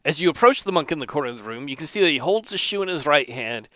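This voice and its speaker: Chatty male game master with a slightly high, bright voice. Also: animated, racing, no room sound. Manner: casual, chatty narration with fillers. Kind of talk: narrating a tabletop roleplay game.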